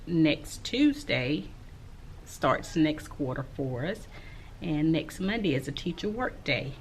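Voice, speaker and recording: A middle-aged woman, an elementary school teacher, talking casually to camera in a slow, soft-spoken, reflective way with frequent pauses. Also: low-pitched, a little hiss or hum. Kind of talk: casual vlog talk to camera.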